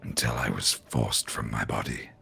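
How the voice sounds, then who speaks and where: Ancient gravelly dragon voice. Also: male voice, fairly even intonation, moderate pace, bright, forceful tone, exaggerated voice. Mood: solemn. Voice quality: deep gravelly. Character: ancient dragon spirit trapped in a cat, male. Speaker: game master.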